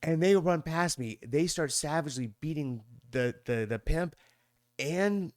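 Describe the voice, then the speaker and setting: Animated storyteller man in his fifties. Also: a little slow, no room sound, clean studio sound. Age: 50s. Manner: animated, acting out other people's voices with sudden high squeaks; rambling with many restarts and fillers. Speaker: podcast guest. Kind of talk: conversational storytelling.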